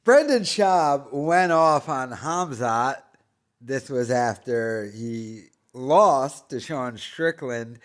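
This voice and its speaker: A man doing mocking reaction commentary, laughing and talking sarcastically to his viewers. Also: mid-range voice.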